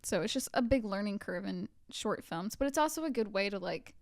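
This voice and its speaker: Brief: young woman co-host, smooth clear voice, dry close mic, teasing and chatty. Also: medium pitch, lively intonation, a little fast, dry recording. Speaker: podcast co-host. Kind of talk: casual chat.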